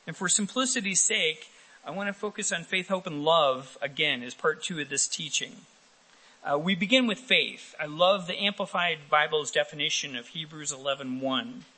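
A man's voice: a little high, normal speed, husky, low-quality recording. A male pastor preaching a sermon in a church, talking with the congregation and asking for raised hands. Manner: lively, talks with the congregation and asks for raised hands.

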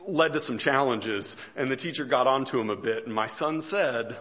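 A man's voice: medium pitch, normal speed, few pauses, bright, forceful tone, a little hiss or hum. Guy in his 40s preaching, chatty storyteller, pokes fun at himself, lots of "uh" and restarts. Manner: conversational storytelling with self-deprecating humor; frequent fillers and restarts, chuckles between lines. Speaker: pastor. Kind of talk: sermon.

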